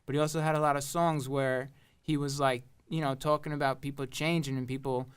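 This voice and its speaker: A young man from Long Island with a smooth, clear voice chats loosely about his music. He rambles, piling up fillers and curse words between thoughts. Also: mid-range voice, flat delivery, fairly quick. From Long Island, New York. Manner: rambling, heavy on fillers and swearing. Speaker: rapper and producer guest. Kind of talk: casual interview chat.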